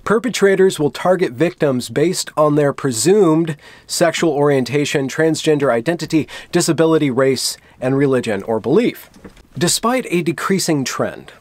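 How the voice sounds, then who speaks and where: A man with a slightly higher voice reads news text aloud and cuts in with dry, sardonic asides. He keeps a sarcastic commentary tone throughout. The recording is dry and close, with no room sound. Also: lively intonation, normal speed, no echo. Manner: dry, sardonic asides between read-out quotes. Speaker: commentary vlogger.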